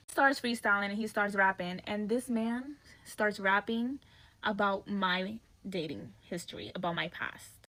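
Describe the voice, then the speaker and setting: A woman's voice: medium pitch, unhurried, pushed and bright, poor audio. A woman telling a story to her viewers in a blunt, profane, slangy and dramatic way. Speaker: storytime vlogger.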